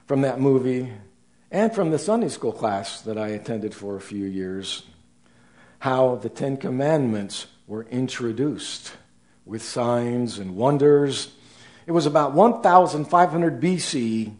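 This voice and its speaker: Slow, deliberate older male preacher. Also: mid-range voice, lively intonation. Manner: slow, deliberate delivery with rising emphasis and soft trailing phrase ends. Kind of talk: sermon.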